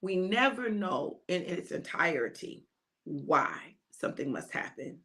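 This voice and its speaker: A woman preacher giving an animated, emphatic sermon and addressing listeners as "baby". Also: on the low side, unhurried.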